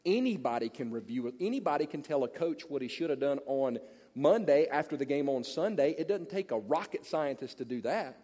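A man preaching a sermon to pastors, blunt and animated, telling stories to make his point. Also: a little high, brisk, slightly rough. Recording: long reverb of a large hall.

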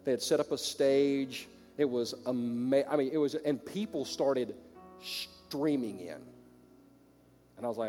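A man with a Southern American accent preaching a sermon to his congregation, shifting from loud exclamations to quiet storytelling. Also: medium pitch, animated, unhurried, soft background music. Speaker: pastor. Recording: long reverb of a large hall.

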